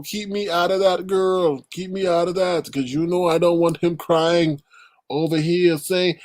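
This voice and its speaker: A man hosting a live stream, reacting theatrically with drawn-out exclamations and chatting to viewers. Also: sits high, steady tone, dry recording. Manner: theatrical, reacts loudly with drawn-out ooh and scared cries. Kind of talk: casual live-stream commentary.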